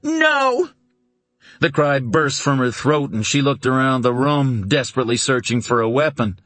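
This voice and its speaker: A man narrating a suspense novel in a deliberate, dramatic reading. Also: medium pitch, a bit bright, no echo. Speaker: audiobook narrator.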